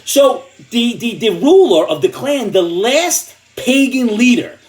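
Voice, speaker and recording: An older man with a fairly high voice rants in a comedic, sarcastic tirade. His pitch swings widely as he works himself up, stumbling over repeated words. He sounds angry and mocking throughout. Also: sing-song, unhurried, a little mellow. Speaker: comedic commentator. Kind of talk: comedic political rant.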